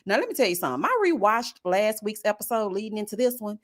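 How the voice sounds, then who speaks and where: A woman giving sassy, animated live-stream commentary on a reality show. She keeps calling her viewers honey and child. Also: medium pitch, fast. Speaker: YouTube reality-show reviewer.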